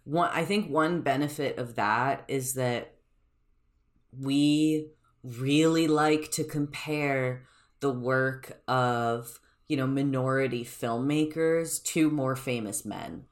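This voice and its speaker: A woman's voice: very deep voice, takes it slowly. A woman co-hosting a film podcast, talking thoughtfully and hedging with likes and ums. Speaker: podcast co-host. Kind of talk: casual film podcast chat.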